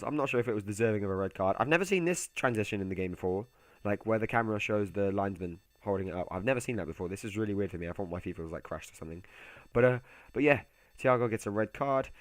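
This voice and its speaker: A young man giving casual, chatty commentary over a football video game, excitable and given to muttered asides. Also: lowish voice, dry recording. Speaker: gaming YouTuber.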